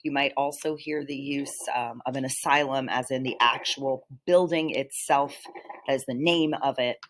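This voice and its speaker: Woman teacher, deep voice, patient explainer for a recorded vocabulary lesson. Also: steady tone, normal speed. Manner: patient, explanatory, with frequent "um" and throat clearing. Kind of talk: vocabulary lesson over slides.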